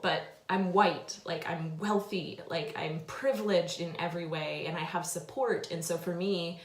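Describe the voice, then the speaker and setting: A woman's voice: lowish voice, fairly even intonation, measured pace. Emotional young woman, echoey room. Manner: tearful and overwhelmed, full of filler words. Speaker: vlogger telling her own story. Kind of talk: emotional personal storytelling.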